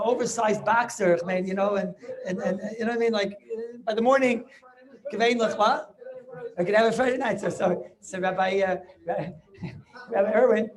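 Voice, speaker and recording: Joking and chuckling with his students, a middle-aged rabbi gives a relaxed lesson over a video call, his high-pitched speech full of pauses and fresh starts. The sound comes through a video call microphone.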